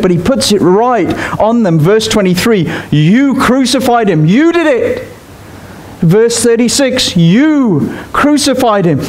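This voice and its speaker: A man preaching a sermon in a church, speaking directly and emphatically to his congregation. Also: high voice. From Australia. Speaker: pastor.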